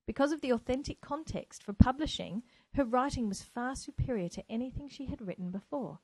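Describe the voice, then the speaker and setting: A woman's voice: high-pitched, fairly quick, darkish tone, slightly rough, no room sound, poor audio. A woman teacher from New Zealand hosting her own podcast, speaking earnestly and with enthusiasm. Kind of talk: solo educational podcast. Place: home, by a window. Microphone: microphone.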